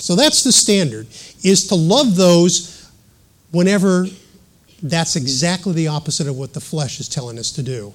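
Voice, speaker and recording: Middle-aged man, sermon, high voice, earnest teaching tone, reads scripture aloud. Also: expressive, moderate pace. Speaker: preacher.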